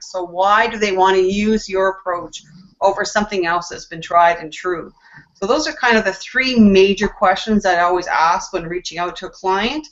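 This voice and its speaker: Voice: medium pitch, a bit bright. A woman on a panel, casually explaining her point with lots of examples. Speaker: discussion panelist. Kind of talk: casual group discussion. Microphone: video call. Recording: dull lo-fi video call audio.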